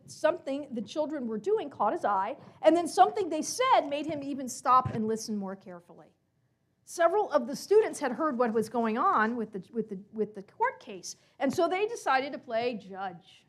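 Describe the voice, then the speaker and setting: Storyteller: high, very lively woman acting out her tale for a congregation. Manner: animated, acts out characters, asks listeners questions. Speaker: storyteller at a synagogue service.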